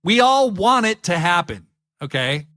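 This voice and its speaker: A man's voice: high voice, big pitch swings, a little slow, bright, forceful tone. A man co-hosting a casual podcast, animatedly retelling wrestling segments and acting out the lines. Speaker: podcast co-host. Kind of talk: casual wrestling recap chat.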